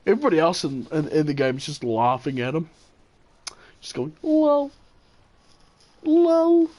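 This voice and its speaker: A man's voice: mid-range voice, fairly quick. A man telling a gaming story in a casual, rambling way, chuckling and correcting himself as he goes. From New Zealand. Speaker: gaming channel host. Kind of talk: casual storytelling gameplay commentary.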